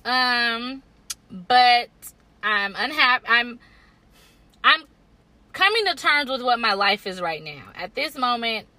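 A young woman talks candidly on a podcast, reflective and a little weary. Her voice sits fairly high and sounds bright. The recording is dry and close. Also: expressive, takes it slowly, long pauses, dry recording. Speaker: podcast co-host. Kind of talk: casual chat.

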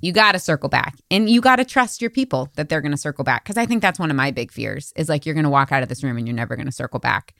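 Low-voiced reflective woman host. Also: lively intonation, quick pace, vocal fry, hardly any pauses, a bit bright, no echo, clean studio sound. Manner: reflective, earnest, affirming murmurs. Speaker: podcast host. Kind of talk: casual conversational interview.

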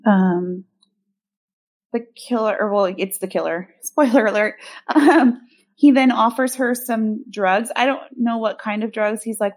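A woman's voice: a little high, a little slow, darkish tone. A woman co-hosting a podcast, recapping a film in casual, sarcastic chat with many ums.

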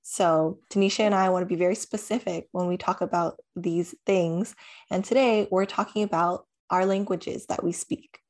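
A woman's voice: fairly low pitch, fairly even intonation, moderate pace, darkish tone. A young woman co-hosting a podcast, chatting casually, rambling and laughing often. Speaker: podcast co-host. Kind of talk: casual chat.

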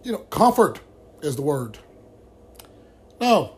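A man's voice: fairly high pitch, sing-song, slow, darkish tone. A man hosting a vlog who tells a friend's story to the camera in a blunt, heated way, with constant swearing. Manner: blunt, heavily profane and heated.

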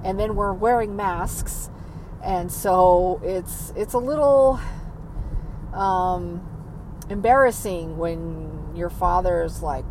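Slow, soft-spoken woman in a noisy car. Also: on the low side. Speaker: vlogger. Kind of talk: personal storytelling vlog.

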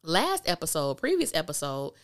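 Animated woman recapping a show. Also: sits low, moderate pace. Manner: animated, emphatic storytelling with blunt slang. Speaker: podcast host. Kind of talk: casual episode recap.

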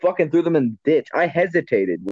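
A man's voice: a little high, sing-song, a little fast, a little mellow, breathy edge, dry recording. Casual podcast host, male, blunt rambler, dry lo-fi sound. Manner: rambling, self-correcting, blunt and profane. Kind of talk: casual chat. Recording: dull lo-fi sound.

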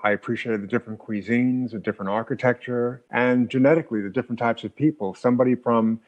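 A man's voice: medium pitch, fairly even intonation, fast, dull audio. A middle-aged man co-hosting a casual podcast chat, reflective and a bit hesitant as he tells his stories. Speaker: podcast co-host.

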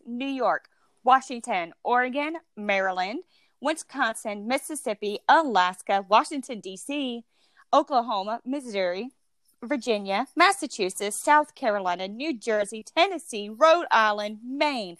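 A woman co-hosting a casual podcast, playful and quick to laugh. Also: on the high side, no room sound. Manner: playful, laughs often, animated. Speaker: podcast co-host. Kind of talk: casual chat.

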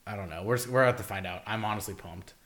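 A young man with a lowish voice talking in a loose, rambling way, peppering his speech with "like" and casual swearing. He co-hosts a podcast in relaxed, off-the-cuff chat. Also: racing. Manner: rambling, swears a lot, leans on "like". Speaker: podcast co-host.

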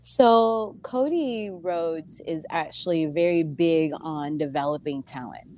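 A woman's voice: takes it slowly, a little hiss or hum. A woman who wrestles and sings, a guest on an interview show, telling stories casually and acting out other people's voices. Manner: animated, acts out voices with big pitch jumps. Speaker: pro wrestler and singer, guest.

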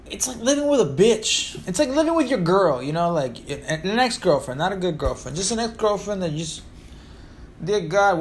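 Profane, lively Puerto Rican man. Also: high-pitched, a little hiss or hum. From Puerto Rico. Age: 30s. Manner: profane, rambling and joking. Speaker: podcast host. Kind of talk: casual monologue.

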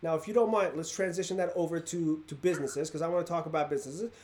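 A man with a high-pitched voice hosts a casual podcast chat. He tells his stories with energy and acts out the voices of the people in them. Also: fairly even intonation, quick pace, darkish tone. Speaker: podcast host. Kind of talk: casual storytelling interview.

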